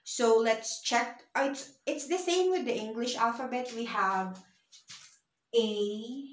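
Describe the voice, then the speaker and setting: A woman's voice: on the high side, slow pace, roomy sound. A woman teaching a beginner language lesson, patient and repeating words for the learner to say back.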